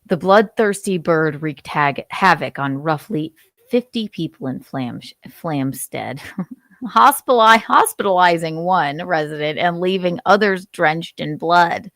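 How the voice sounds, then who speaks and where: A woman's voice: fairly low pitch, animated, unhurried, fairly bright tone, no echo, clean studio sound. A young adult woman hosting a casual live stream, reading news aloud with frequent laughs and some swearing. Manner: giggly, profane, chatty. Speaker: host.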